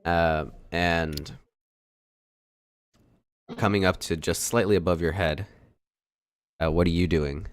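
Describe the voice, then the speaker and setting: A man narrating as dungeon master in a tabletop game, relaxed and hesitant, with many fillers. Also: low-pitched, takes it slowly, long pauses, smooth, no room sound, studio quality.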